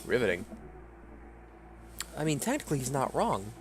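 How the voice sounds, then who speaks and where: A man's voice: mid-range voice, big pitch swings, moderate pace, slight background noise. A man giving sarcastic, grumbling commentary over a video game, reading the dialogue aloud. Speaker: let's play commentator.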